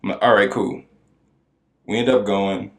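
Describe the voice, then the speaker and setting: A man co-hosting a podcast, telling a story in casual chat and acting out the people in it. His voice cracks high now and then. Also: moderate pace, roomy sound. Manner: animated storyteller who acts out quoted voices. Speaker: podcast co-host.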